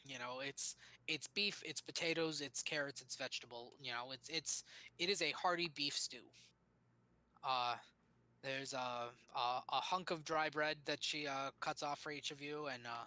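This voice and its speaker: Bright-voiced man running a tabletop game. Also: fairly high pitch, normal speed. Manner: hesitant, many ums and uhs. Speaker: game master.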